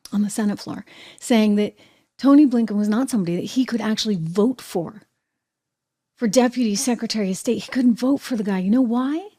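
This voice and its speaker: Sarcastic woman hosting political commentary. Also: mid-range voice. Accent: New Hampshire. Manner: animated, sarcastic, mimics people, laughs often.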